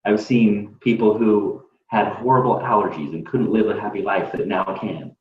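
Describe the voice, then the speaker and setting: A man's voice: on the low side, steady tone, normal speed, crowd noise. A man who is a podcast guest, talking earnestly, repeating himself and building to emphatic peaks. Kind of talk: casual chat. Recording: roomy, distant and dull.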